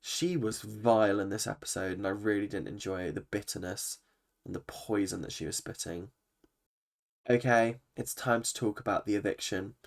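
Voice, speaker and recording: A vlogger gives a ranting, profanity-filled recap of a reality TV episode, full of opinions and energy. His voice is lowish and creaky, at a normal pace.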